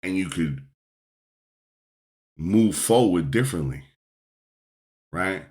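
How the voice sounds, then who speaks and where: Podcast host, male, middle-aged, very low voice, emphatic coaching monologue full of repetitions. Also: lively intonation, takes it slowly, a little mellow.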